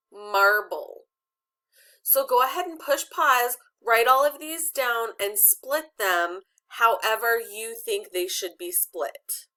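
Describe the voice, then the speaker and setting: A woman's voice: mid-range voice, bright, forceful tone. A woman teacher giving an online phonics lesson to children, patiently asking questions and prompting pupils to answer.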